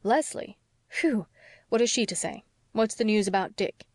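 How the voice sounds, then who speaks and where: A woman reading the part of a patient young male doctor, calm, measured and wry. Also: medium pitch, no room sound, clean studio sound, lightly acted.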